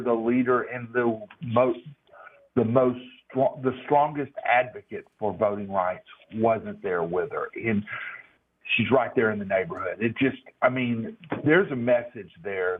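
A man's voice: lowish voice, slightly rough. A man commenting on politics for a radio talk show, speaking emphatically and repeating points for stress. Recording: tinny phone line.

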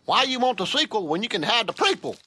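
A sleazy hillbilly squid dad. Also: male voice, high voice, sing-song, quick pace, pushed and bright, full character voice. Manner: sleazy, drawling come-ons. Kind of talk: cartoon voice acting. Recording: cartoon clip with background noise.

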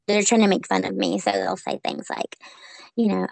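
A woman from Memphis, Tennessee with a Southern accent, a social worker telling stories in a remote interview, lively and laughing often. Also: mid-range voice, normal speed, vocal fry, no echo, low-quality recording. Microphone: online call.

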